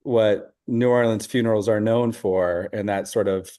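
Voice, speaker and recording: Low-voiced man making measured points. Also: fairly even intonation, dark tone. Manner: measured, explains his points. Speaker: podcast guest. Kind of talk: casual reaction chat.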